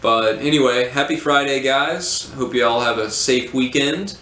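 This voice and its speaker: Relaxed man reviewing a beer. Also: mid-range voice, a little slow. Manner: relaxed, hesitant with many ums. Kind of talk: casual review. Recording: roomy echo, faint hum.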